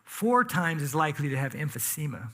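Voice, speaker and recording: Conversational preacher, a man with higher pitch. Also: sing-song, a little fast, pushed and bright. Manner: conversational, emphatic, asks the congregation questions. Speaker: pastor. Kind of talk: sermon. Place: church sanctuary.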